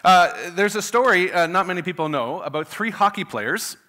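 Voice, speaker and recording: A man's voice: high voice, animated, normal speed, pushed and bright. A man preaching to his church, folksy and chatty, with many filler uhs. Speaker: pastor. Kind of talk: sermon with a joke opener. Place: church sanctuary.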